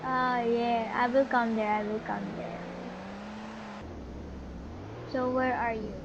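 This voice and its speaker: A woman's voice: a little high, level tone, takes it slowly. A young woman casually commenting on her own gameplay, chatty and exclamatory, calling out to other players. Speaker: gaming channel host. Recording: muffled lo-fi audio with noise.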